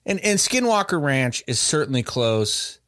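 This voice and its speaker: An animated man tells a story on a podcast. His pitch rises and falls a lot, and he restarts and circles back often. The sound is close and dry on a podcast mic, with no room echo. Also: unhurried. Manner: rambling, many restarts and fillers. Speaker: podcast host telling a story.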